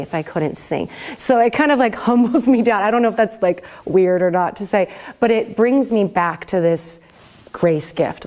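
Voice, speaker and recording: A woman leads a vocal class in a casual, rambling way, laughing often as she talks. Her voice sits a little low for a woman. She speaks to a group in the room. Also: a little mellow. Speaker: worship pastor teaching a vocal class. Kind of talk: casual teaching talk.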